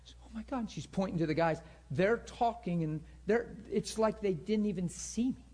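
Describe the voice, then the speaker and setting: A man's voice: sits high, normal speed, darkish tone. Emotional storytelling male pastor. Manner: emotional, acts out both sides of a story. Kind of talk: sermon storytelling.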